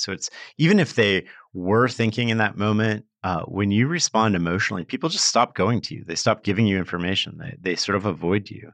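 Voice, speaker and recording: Low-voiced man explaining calmly. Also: a little fast, creaky, few pauses, dry recording. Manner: earnest, explanatory, uses many fillers like "like" and "sort of". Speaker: podcast guest. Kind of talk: conversational advice.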